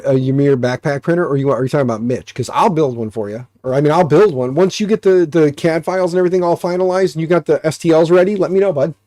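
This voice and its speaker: With a somewhat high, mellow voice that's stuffy and nasal, an American livestream host rambles casually, joking and filling gaps with fillers. The studio-quality audio has no room sound.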